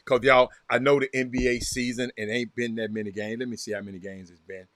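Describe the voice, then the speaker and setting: A man with a Southern American accent hosting a casual livestream, reacting loudly to a game and calling out viewers by name. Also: mid-range voice, quick pace, no room sound, studio quality. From Texas. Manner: excitable, reacts loudly to a game while chatting; addresses viewers by name, repeats himself. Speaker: livestream host. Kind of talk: casual chat with live viewers.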